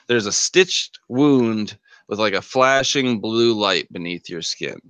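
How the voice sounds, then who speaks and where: A man's voice: fairly low pitch, lively intonation, takes it slowly, a bit bright, clear, resonant tone, dry recording. A man narrating as game master of a tabletop game, rambling with many fillers.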